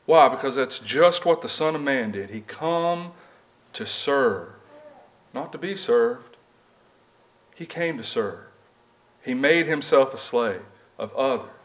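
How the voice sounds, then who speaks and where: A man's voice: mid-range voice, lively intonation, slow, long pauses. A man preaching a sermon in a church, reading scripture and asking the congregation rhetorical questions in an earnest, conversational way. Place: church building.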